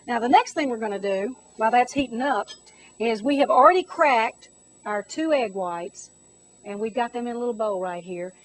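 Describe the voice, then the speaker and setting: A woman's voice: fairly high pitch, rough recording. A middle-aged woman hosting a home cooking demonstration, chatty and bubbly with theatrical exclamations. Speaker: cooking show host.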